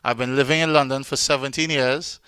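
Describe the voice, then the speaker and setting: A man's voice: medium pitch, steady tone, brisk, bright, forceful tone, clear, resonant tone, no echo. A man with a Trinidadian accent, hosting an online arts show on a video call in a chatty, joking way with many ums. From Trinidad and Tobago. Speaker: host and DJ.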